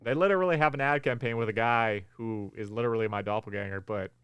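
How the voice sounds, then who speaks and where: A man co-hosting a podcast in casual chat, relaxed and rambling with frequent ums. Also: lowish voice, quick pace, clear, resonant tone, no echo. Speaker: podcast co-host.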